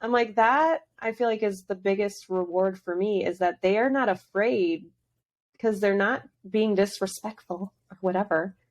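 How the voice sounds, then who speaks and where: A young woman hosts a relaxed interview, nodding along with quick "yeah"s and filler words. Her pitch is average for a woman. The sound is dry, with no echo. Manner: agreeable, many short affirmations and fillers. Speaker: podcast host. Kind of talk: casual interview chat.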